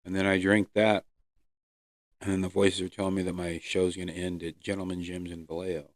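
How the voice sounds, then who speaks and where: A man hosting his own podcast, earnestly telling his personal recovery story with pauses and fillers. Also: low-pitched, level tone, no room sound, clean studio sound. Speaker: podcast host. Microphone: close podcast mic.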